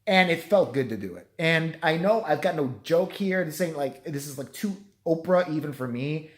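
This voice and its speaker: A hoarse man talks straight to his camera at home, his voice worn from yelling. He rambles through a profane, self-mocking apology. His pitch swings widely as he goes. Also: lively intonation, moderate pace. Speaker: vlogger.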